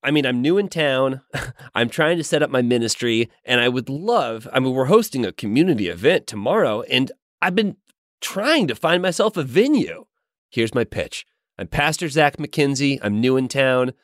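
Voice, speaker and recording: An oily, overly friendly self-help pastor, played by a man, who stretches his words like a salesman. His pitch rises and falls in wide swings, and the sound is dry and close-miked. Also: big pitch swings, moderate pace, dry recording, lightly acted. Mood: smarmy. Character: smooth-talking charismatic male self-help pastor. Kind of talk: improvised comedy role-play.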